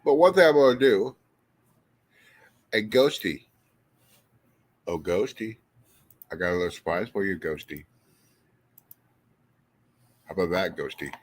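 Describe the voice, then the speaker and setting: A man's voice: sits low, a little slow, long pauses, a little hiss or hum. A man chatting casually on a livestream, rambling and swearing freely as he talks to viewers. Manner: rambling, profane and animated, talking to chat.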